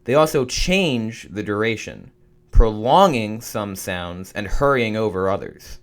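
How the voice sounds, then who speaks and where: A man's voice: fairly low pitch, expressive, unhurried. A young man reading study notes aloud for a writing course, stumbling now and then and restarting. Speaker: student making a study guide.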